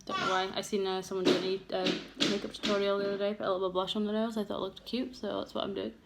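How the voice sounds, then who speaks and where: A woman's voice: medium pitch, flat delivery, very fast, creaky, loud music behind the voice. A young woman vlogging a candid get-ready-with-me chat, open and emotional, rambling with many fillers. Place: home room with children around. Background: noisy household.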